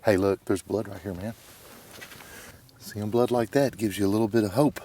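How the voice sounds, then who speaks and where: Low-voiced man bowhunter in woods. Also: fairly even intonation, normal speed, warm tone, slight background noise. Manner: short, plain spoken phrases. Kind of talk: hunting show narration and field talk. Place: outdoors in woods.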